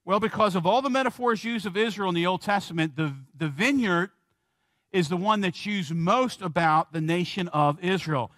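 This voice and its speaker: A man preaching a sermon in a church as pastor, slowing down and stressing key words and asking the congregation questions. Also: sits high, fairly bright tone, no room sound, studio quality.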